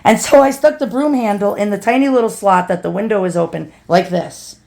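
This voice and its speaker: A woman's voice: medium pitch, a little fast, creaky, darkish tone. A middle-aged woman vlogger telling a personal story, chatty and earnest, calling her listeners boys and girls. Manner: earnest, confessional.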